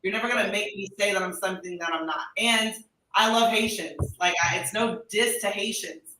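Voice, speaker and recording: An American woman telling stories in a casual chat, acting out the people she quotes in animated voices. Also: mid-range voice, a little fast, distant mic, a little hiss or hum. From United States. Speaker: expat podcast guest. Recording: echoey room, a little off-mic.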